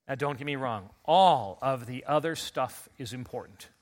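At normal speed and medium pitch, a middle-aged pastor preaches earnestly to his congregation on Easter. Recently ill and still recovering, he works up to loud, emphatic calls.

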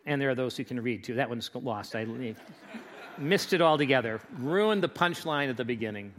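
A man's voice: mid-range voice, normal speed, long pauses, a little hiss or hum. A man preaching as pastor, telling jokes to his church in a chatty, rambling storytelling manner. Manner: chatty storyteller, restarts and fillers, lively delivery. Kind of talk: joke-telling sermon.

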